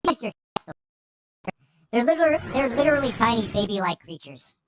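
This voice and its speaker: A woman streaming a video game, chatting casually and excitably and swearing freely as she plays. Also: fairly high pitch, moderate pace, background noise. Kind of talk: casual gameplay commentary.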